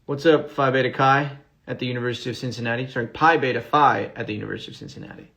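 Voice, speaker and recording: A man answers fan questions on a phone livestream, reading each one out before replying. His voice sits in a middle range with a gravelly fry at the bottom. He talks loosely, with plenty of ums and restarts. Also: medium pitch, fairly even intonation, racing, a bit bright. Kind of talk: casual livestream Q&A.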